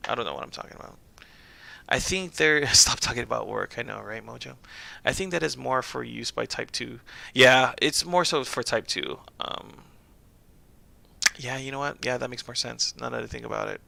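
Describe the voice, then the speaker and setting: Young male streamer, loose rambly storyteller, very bright tone with gravel. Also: medium pitch, normal speed. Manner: rambling, self-interrupting storyteller who laughs often. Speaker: streamer and pharmacist. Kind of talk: casual chat while livestreaming a game.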